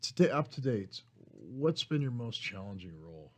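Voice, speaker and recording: A man's voice: medium pitch, big pitch swings, moderate pace, breathy edge. A man co-hosting a radio talk show, speaking hesitantly and repeating words. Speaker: radio co-host. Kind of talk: casual radio banter.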